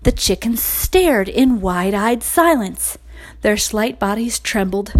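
A woman narrating a children's storybook aloud with expressive, lively storytelling. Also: mid-range voice, slow pace, low-quality recording.

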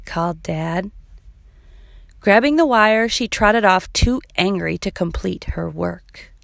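A woman narrating a children's chapter book, reading clearly and evenly. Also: medium pitch, lively intonation, slow pace, dry recording, studio quality. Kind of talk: storybook read-aloud.

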